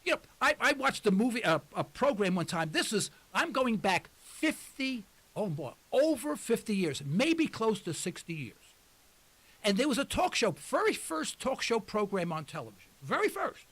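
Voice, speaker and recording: High-voiced impassioned older man radio host. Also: sing-song, normal speed, fairly bright tone. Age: 60s. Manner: emphatic, rambling, impassioned. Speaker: radio talk show host. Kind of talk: talk radio monologue. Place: radio studio.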